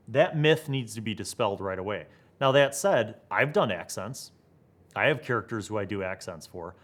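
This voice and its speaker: A young man hosting a tabletop gaming talk video, thinking aloud with excitement and asking rhetorical questions. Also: fairly low pitch. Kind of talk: animated solo talk to camera.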